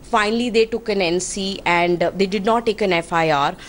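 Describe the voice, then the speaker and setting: A woman's voice: mid-range voice, a little fast, slight background noise. A woman from India with an Indian accent, earnestly and indignantly recounting an incident as an interviewee, politely using honorifics.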